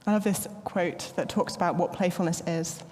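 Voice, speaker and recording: A woman, preaching a sermon in a playful, animated storytelling manner. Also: lowish voice, moderate pace, big-room sound, soft background music. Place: church.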